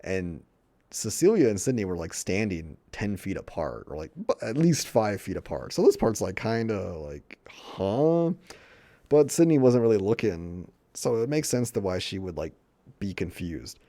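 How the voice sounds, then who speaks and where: A man's voice: on the low side, sing-song, unhurried, mellow. A man casually reviewing a movie in a rambling, profane way, retelling scenes with quoted dialogue.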